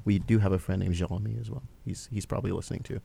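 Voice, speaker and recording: A man's voice: low-pitched, steady tone, rapid-fire, gravelly, warm tone, slightly rough. A man hosting a casual podcast film review, rambling with fillers and laughing often. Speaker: podcast host.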